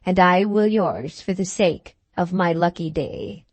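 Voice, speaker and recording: A woman's voice: lowish voice, unhurried, a little mellow, dry recording. A woman reading an audiobook speaks the lines of a shy but proud young country lad in an earnest, formal manner. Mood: courteous, eager.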